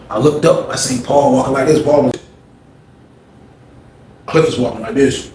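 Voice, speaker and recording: Recounting his prison days, a man tells his audience a story full of slang and curses, animatedly acting out other people's voices. His mid-range voice moves at a normal speed with frequent pauses. The recording has a roomy echo and a faint hiss or hum.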